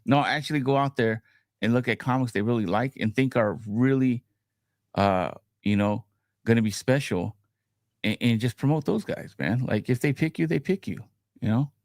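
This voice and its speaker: A man of middle pitch speaking as a guest, hesitant and laid back, often stammering over his words. His voice is recorded dry and close. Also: moderate pace, darkish tone, dry recording. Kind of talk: casual livestream chat.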